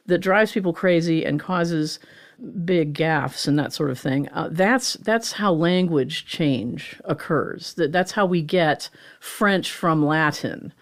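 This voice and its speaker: Chatty woman in her sixties. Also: lowish voice. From Pittsburgh, USA. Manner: animated and chatty, explains with rhetorical "right?" and quick laughs. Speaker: linguistics professor, guest. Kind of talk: conversational lecture in an interview.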